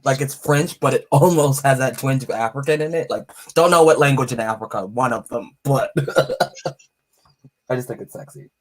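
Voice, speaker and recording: Author guy chatting casually, mid-pitched, laughs a lot. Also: moderate pace. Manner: laughs often between remarks. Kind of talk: casual chat.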